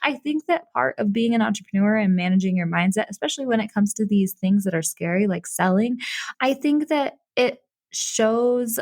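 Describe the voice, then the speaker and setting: A woman's voice: mid-range voice, expressive, normal speed, a little mellow, no room sound, clean studio sound. A young woman hosting a solo podcast, talking in a casual, candid way and laughing often. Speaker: podcast host and business coach.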